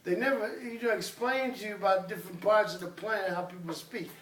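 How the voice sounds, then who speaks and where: Man, a commanding classroom teacher with a high voice, recorded far off in an echoey room. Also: steady tone, brisk, a bit bright. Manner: commanding, drills students call-and-response.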